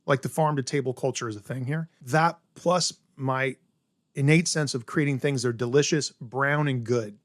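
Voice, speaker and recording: A middle-aged chef from South Carolina talks through his cooking in an interview, eager and methodical, tagging points with "right?". His voice sits at a middle pitch. The recording is dry and close, with no room sound. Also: moderate pace, no room sound. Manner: enthusiastic, explains step by step with many "right?" tags. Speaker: chef guest. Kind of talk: casual interview chat.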